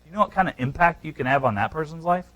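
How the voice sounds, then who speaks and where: A man teaching a live real estate seminar, talking straight to the room with animated, emphatic delivery and frequent restarts. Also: on the high side, fast talker, dull audio.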